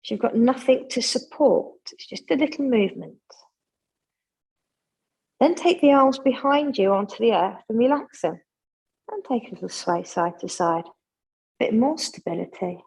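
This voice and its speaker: A woman leading a guided yoga class, giving gentle, chatty instructions with friendly asides. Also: a little high, lively intonation, moderate pace, creaky, long pauses, husky, rough recording.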